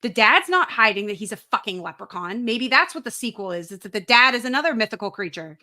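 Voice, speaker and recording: Young woman co-host, bright voice, blunt and sweary in casual chat. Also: a little high, very animated, fast talker. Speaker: podcast co-host.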